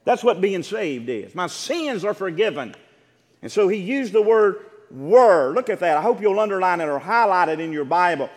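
A man's voice: high-pitched, expressive, in a large hall. A male pastor preaching a sermon, emphatic, drawing out words and calling questions to the congregation. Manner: emphatic preaching with rising shouts and drawn-out words.

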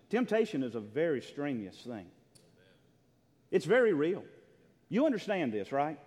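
A pastor preaching a sermon in a church, emphatic, swinging between loud declarations and hushed, near-whispered lines. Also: male voice, fairly high pitch, very animated, normal speed, pauses often. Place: church sanctuary. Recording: long reverb of a large hall.

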